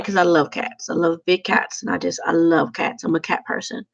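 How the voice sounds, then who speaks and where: A woman talking to her viewers in a rambling, halting, heartfelt way about prayer and loneliness. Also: lowish voice, steady tone, gravelly, lo-fi sound. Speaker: vlogger. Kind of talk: casual heartfelt monologue.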